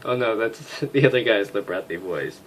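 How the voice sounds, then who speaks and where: A man's voice: on the low side, animated, moderate pace. A man hosting a comedic game playthrough, reading characters aloud with crude, self-mocking asides. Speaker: let's play host.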